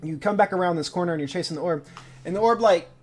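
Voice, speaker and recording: A young man acting as game master on a live tabletop stream. His voice sits fairly high, and he narrates in a loose, rambling way full of "like" and restarts. Soft music plays in the background. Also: fast talker.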